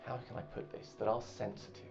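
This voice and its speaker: A man voicing a secretive wealthy woman with an unblinking stare, speaking low and half whispered. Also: fast, close to an everyday voice. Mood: hushed, conspiratorial. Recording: muffled, with faint music.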